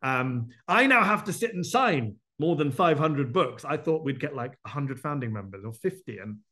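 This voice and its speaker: A man hosting a town hall, answering members' questions off the cuff in a brisk, animated way, listing his points and tossing in quick asides. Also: on the high side.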